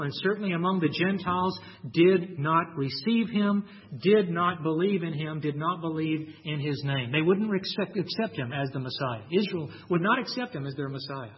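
A man preaching a sermon, emphatic and deliberate, slowing down and stressing key lines, sometimes repeating words as he restarts. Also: a little high. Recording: dull lo-fi recording.

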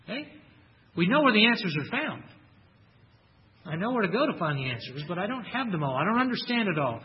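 A man's voice: high voice, very animated, fairly quick, dull audio. A man preaching a sermon in an earnest way, repeating key phrases and quoting scripture. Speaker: pastor.

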